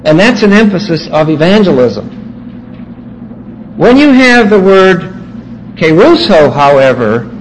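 A man's voice: high voice, sing-song, unhurried, long pauses, a little hiss or hum, rough recording. A man teaching a Bible class, walking his students through their notes and stressing key words emphatically.

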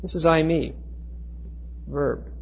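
A man teaching a Bible class, explaining Greek words with emphatic, slowed stress and frequent restarts. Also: a little high, fairly even intonation, gravelly, darkish tone, slight background noise. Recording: dull lo-fi recording.

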